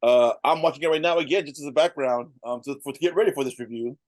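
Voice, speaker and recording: A man's voice: mid-range voice, fast talker, a little mellow, dry recording. A man in his thirties co-hosting a casual review show, chatting loosely with lots of fillers and restarts. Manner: rambling, frequent fillers and restarts. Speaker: podcast co-host.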